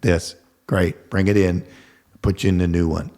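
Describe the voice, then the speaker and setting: A man's voice: sits low, flat delivery, normal speed, warm tone. An older man, a guest telling stories casually and acting out the dialogue, swearing freely. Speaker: guest contractor. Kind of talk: casual storytelling.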